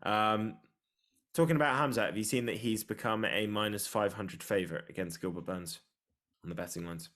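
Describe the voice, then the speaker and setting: A man with a low, deep voice talks in a loose, excitable way, joking as he goes. It sounds like an easy chat among friends on a podcast. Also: normal speed. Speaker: podcast co-host. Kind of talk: casual sports chat.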